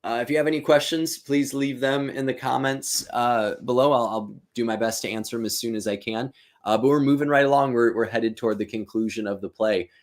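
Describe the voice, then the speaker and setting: A man's voice: mid-range voice, fairly even intonation, brisk. A man hosting a live-streamed reading and commentary, talking casually and thinking aloud with fillers. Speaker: teacher and host.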